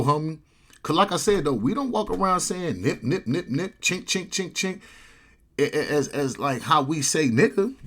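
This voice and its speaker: A man telling a long casual story, acting out the people in it with sudden high-pitched quoted voices. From California. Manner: animated, acts out quoted voices with big jumps in pitch.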